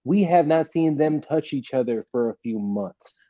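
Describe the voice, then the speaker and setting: A man's voice: a little high, moderate pace, no echo, muffled recording. A man co-hosting a casual podcast, chatting animatedly about wrestling and fights. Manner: animated, reads out a quoted exchange with emphasis. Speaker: podcast co-host.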